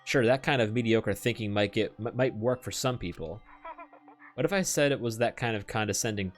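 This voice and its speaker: A man voicing a computer program imitating a gruff, taunting male biker student. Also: fairly low pitch, fairly quick, soft background music, natural voice.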